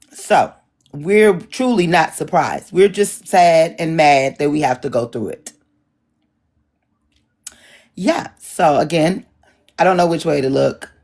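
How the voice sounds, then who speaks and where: A middle-aged woman moderating an online town hall, chatting casually with a husky voice and joking asides. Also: low voice, a little mellow. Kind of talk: casual chat to an audience.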